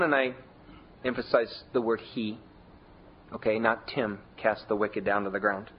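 Husky male pastor, conversational and emphatic. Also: steady tone, unhurried, long pauses, muffled recording. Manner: conversational preaching, emphatic swings in pitch and volume. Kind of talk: sermon.

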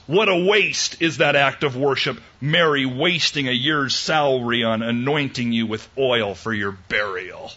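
Dramatic preacher man, bright dull recording. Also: mid-range voice, a little slow, hardly any pauses, breathy edge. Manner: dramatic, swings from loud exclamations to hushed tender quotes. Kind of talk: sermon.

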